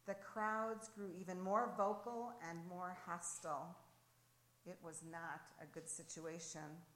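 A woman reads a devotional story slowly and earnestly, with dramatic weight, and then leads a prayer. Her voice sits at a middle pitch and carries a roomy echo. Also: a bit bright. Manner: earnest, slow, dramatic reading. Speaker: devotional reader leading prayer.

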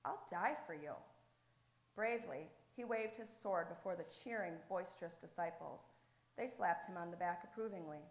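A woman narrating a devotional story in an earnest, measured way and leading a prayer. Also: on the low side. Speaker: devotional reader. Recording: echoey room.

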